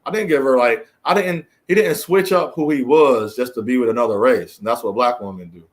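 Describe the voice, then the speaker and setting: A man, delivering a preachy, emphatic solo monologue as a commentary host, often climbing high in exasperation and repeating phrases. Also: fairly quick. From United States.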